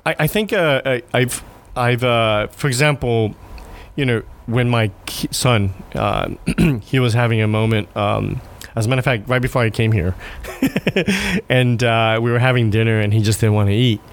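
A man in his thirties, a guest in an interview, talking earnestly and haltingly, with frequent laughs and restarts. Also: mid-range voice. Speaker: guest, restaurant owner and father. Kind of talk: conversational interview.

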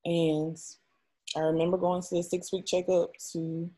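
A woman's voice: fairly low pitch, flat delivery, normal speed, dark tone, slightly rough. A young adult woman, an interview guest, telling a personal story in a raw, emotional and frank way, often swearing.

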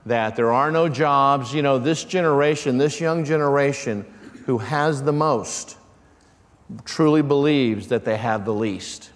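A man's voice: medium pitch, a little slow. Pastor guy preaching, fires questions at the crowd, big churchy reverb. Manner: calls out questions to the congregation. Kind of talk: sermon.

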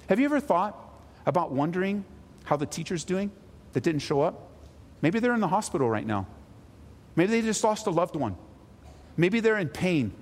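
A man, the pastor, preaching a sermon to his congregation in a conversational way, dropping low for asides and rising for exhortation. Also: big-room sound. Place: church sanctuary.

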